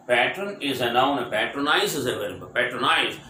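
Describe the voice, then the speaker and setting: A man teaching English vocabulary, spelling words out letter by letter, explaining each meaning and repeating it, asking if it is clear. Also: mid-range voice, animated, moderate pace, sharp tone. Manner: repetitive, explanatory. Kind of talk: vocabulary lesson. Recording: echoey room with faint ambient noise.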